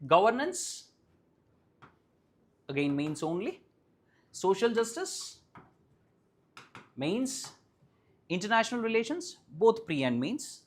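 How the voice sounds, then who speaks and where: A teacher with an Indian English accent giving a live classroom lecture, often asking the class questions and checking that they follow, and repeating key points slowly and firmly. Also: mid-range voice, sing-song. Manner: keeps quizzing the class and checking understanding. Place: classroom with students present.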